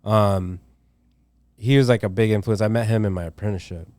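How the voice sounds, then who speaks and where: A man's voice: fairly low pitch, steady tone, fairly quick, a little mellow, no room sound, studio quality. A young man, a tattoo artist, chatting loosely on a podcast with lots of slang, swearing and filler words. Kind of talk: casual podcast chat.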